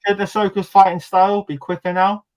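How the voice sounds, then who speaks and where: Casting note: male host, slightly high voice, chatty, laughs easily. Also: level tone, a little fast, low-quality recording. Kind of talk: casual chat.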